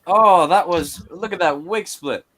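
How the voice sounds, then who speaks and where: A man's voice: high voice, unhurried, a bit bright, slight background noise. A young man casually commenting on a horror film with friends, joking and swearing. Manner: crude, joking, riffing on the film. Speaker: watch-party host.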